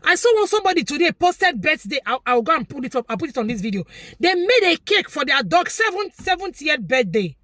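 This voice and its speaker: In a close, dry recording, a Nigerian woman vlogger delivers a brisk, preachy commentary to her viewers. Her high-pitched voice leaps around with lively emphasis, and she says lines again to press her points.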